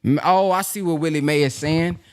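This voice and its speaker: An animated man hosts a call-in discussion, speaking. His voice sits a little high for a man, and he exclaims often as he talks. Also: brisk, smooth. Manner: animated, exclaims often, slips into skits of a pawnbroker. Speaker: host of a phone-in study call.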